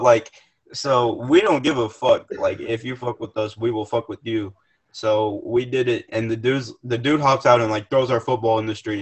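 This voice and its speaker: A young man, a podcast guest, telling a profane, rambling story in casual chat with many restarts. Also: medium pitch. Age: young adult.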